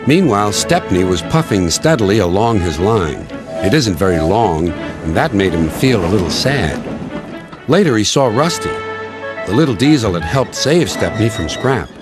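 Brief: expressive male narrator of a children's train story, wildly lively intonation. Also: fairly low pitch, moderate pace, music in the background.

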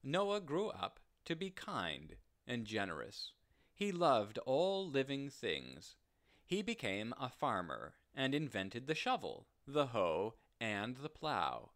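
A man reading a story aloud in a slow, deliberate, gentle telling. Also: medium pitch, huge pitch swings. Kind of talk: read-aloud story narration.

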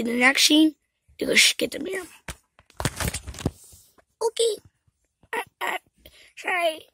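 A female vlogger talking casually to camera in a loose, rambling way. She often drops into a whisper, and her voice is very high with a gravelly, creaky texture. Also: sharp tone, poor audio.

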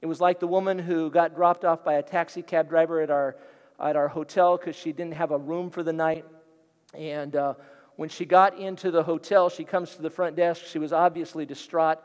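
High-voiced male pastor telling stories. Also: moderate pace, clean tone. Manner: animated, vivid storyteller. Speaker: guest pastor. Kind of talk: storytelling sermon. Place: church sanctuary. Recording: long hall reverb.

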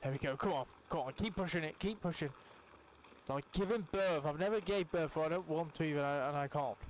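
Excitable young man yelling over gameplay. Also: a little fast, a little hiss or hum. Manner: excitable, swears a lot, bursts into high yelps. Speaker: gaming channel host. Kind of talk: casual gameplay commentary.

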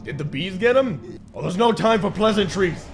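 A man giving jokey, excitable commentary while playing a video game, yelping and shouting when he panics. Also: high-pitched, moderate pace, gravelly. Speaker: gaming YouTuber. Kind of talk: gameplay commentary. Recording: game music behind voice.

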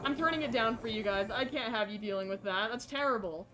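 A young woman streamer reacting to horror games live, shrieking when scared and reading the story dialogue softly. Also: on the high side, fast, faint music behind. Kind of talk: live horror game commentary.

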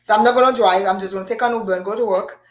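A woman's voice: medium pitch, very fast. A woman hosting a casual live chat, talking freely with frequent restarts and bursts of laughter. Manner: animated, laughing, many restarts. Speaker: show host.

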